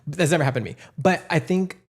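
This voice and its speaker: A man's voice: fairly high pitch, fast, husky. A man co-hosting a podcast, chatting casually and expressively, often stammering and restarting. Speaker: podcast co-host. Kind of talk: casual chat.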